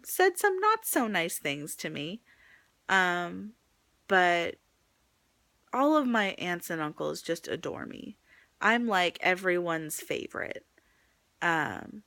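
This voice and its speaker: A woman's voice: fairly low pitch, gravelly, fairly bright tone, no room sound. A young woman vlogging to her phone camera in a casual, chatty way, full of likes and ums, a little teary. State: pregnant, teary.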